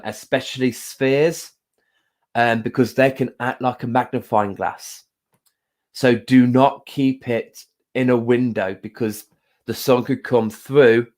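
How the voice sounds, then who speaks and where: A man hosting a casual live stream, talking gently with many pauses and fillers and greeting viewers by name. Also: mid-range voice. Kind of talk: casual live-stream chat with card reading.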